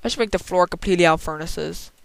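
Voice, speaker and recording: A man's voice: sits high, rapid-fire, vocal fry. Goofy rambling let's-play guy. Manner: rambling, joking chatter to the game's animals; frequent restarts and stumbles. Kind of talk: casual gameplay commentary.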